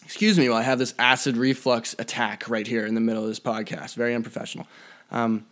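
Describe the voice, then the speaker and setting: A man's voice: mid-range voice, steady tone, fast, fairly bright tone. A young man hosting a podcast alone, rambling in a profane, mock-threatening way. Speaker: podcast host. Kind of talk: casual solo podcast rant. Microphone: podcast mic.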